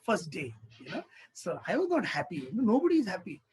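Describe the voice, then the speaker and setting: A high-voiced man gives a spiritual discourse on scripture. His voice is husky, and he talks in an animated way. He keeps asking the listeners rhetorical questions. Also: fairly quick, rough recording. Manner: animated, acts out little dialogues, rhetorical questions. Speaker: spiritual teacher.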